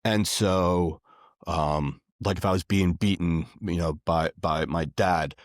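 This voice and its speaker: Deep-voiced man talking casually. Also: fairly even intonation, slow pace, dry recording, clean studio sound. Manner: rambling, filler-heavy, earnest. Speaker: podcast guest. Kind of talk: casual conversation.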